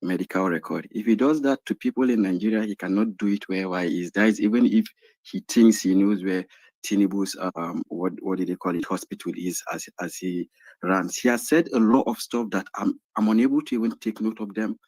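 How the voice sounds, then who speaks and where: A man's voice: fairly low pitch, a little fast, a little mellow, dry recording, low-quality recording. A man in a heated political discussion, speaking indignantly and demanding civility from an opponent. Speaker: debate participant.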